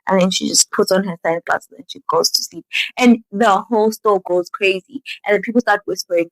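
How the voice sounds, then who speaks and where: A young woman in a casual, animated show recap, full of "like". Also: mid-range voice, fairly quick, dry recording, poor audio. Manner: animated storytelling, lots of "like". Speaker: vlogger.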